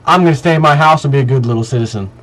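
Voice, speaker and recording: A man's voice: medium pitch, rapid-fire, a bit bright, poor audio. A man vlogging in a heated monologue, ranting emphatically and piling up repetitive lists.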